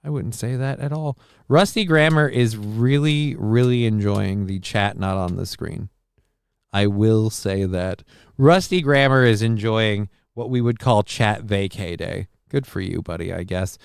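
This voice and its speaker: A man hosting a live call-in stream, reading out chat comments with dry deadpan humor, rambling and swearing casually. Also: fairly low pitch, a little slow, gravelly, clear, resonant tone, dry recording. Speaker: livestream host reading chat.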